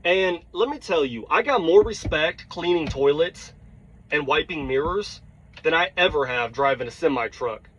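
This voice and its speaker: A man tells a heated, blunt story, his voice sitting a bit higher than most. He swears freely and keeps checking in with his listeners. The recording is dull and lo-fi. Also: expressive, normal speed, fairly bright tone, slight background noise. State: tired. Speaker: truck driver. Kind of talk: storytelling vlog rant.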